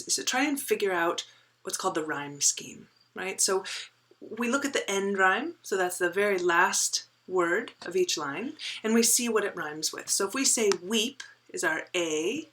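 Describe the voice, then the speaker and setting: Bright-voiced woman teaching a poem. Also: medium pitch, slight background noise, poor audio. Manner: explains step by step, often asks "right?"; drops to a soft whisper while reading and counting. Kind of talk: poetry lesson with board work.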